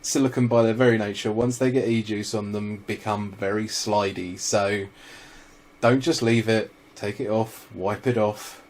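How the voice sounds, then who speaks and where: A man's voice: fairly low pitch, steady tone, moderate pace, darkish tone. A man co-hosting a casual vlog chat, telling stories with dry jokes and casual swearing. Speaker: vlog co-host.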